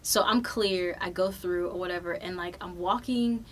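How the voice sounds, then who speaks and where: A young adult woman hosting a podcast, telling a travel story in a loose, animated way with plenty of swearing. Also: on the low side, normal speed, slight background noise. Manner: profane, animated, loose and chatty. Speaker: podcast host. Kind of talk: casual storytelling.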